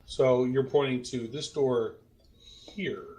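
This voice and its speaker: A man playing a tabletop game, talking in a joking, relaxed way. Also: mid-range voice, slow pace, poor audio. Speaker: player. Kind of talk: casual tabletop play.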